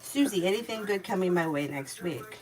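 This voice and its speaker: A woman with a fairly low voice runs a casual tarot livestream. Between readings she rants bluntly and sounds exasperated, swearing freely. She talks like a mother at the end of her rope. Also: lively intonation, brisk, heavy background noise. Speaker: tarot reader and livestream host.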